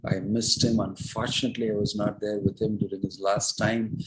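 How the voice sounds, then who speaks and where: A man's voice: fairly low pitch, little pitch movement, normal speed, noisy background, lightly acted. A man voicing a grief-stricken young prince who asks raised, urgent questions. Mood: grieving.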